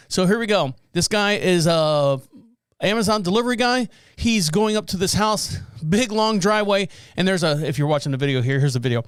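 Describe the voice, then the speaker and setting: A man's voice: sits high, a bit bright, clear, resonant tone, no room sound, clean studio sound. A man hosting a podcast in casual chat, rambling a bit, correcting himself and chuckling as he goes. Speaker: podcast host.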